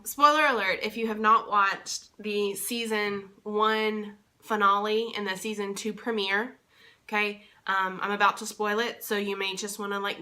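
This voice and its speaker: A young Texan woman who vlogs and interprets at conventions casually recaps a convention weekend. She's enthusiastic and rambling, full of fillers and restarts, in a mid-range voice that sounds pushed and bright.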